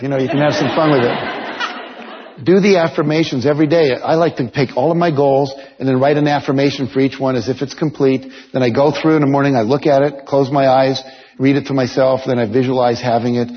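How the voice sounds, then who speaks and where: A man giving a motivational seminar talk to an audience, coaching listeners directly and telling stories with lively energy. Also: medium pitch, slight background noise. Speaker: motivational speaker. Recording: dull lo-fi sound with long hall reverb.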